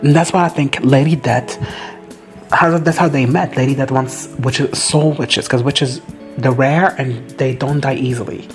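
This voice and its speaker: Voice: mid-range voice, fairly even intonation, unhurried, faint music behind. Profane, gushing recap host. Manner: profane, gushing, quotes characters in playful asides. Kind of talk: casual reaction recap.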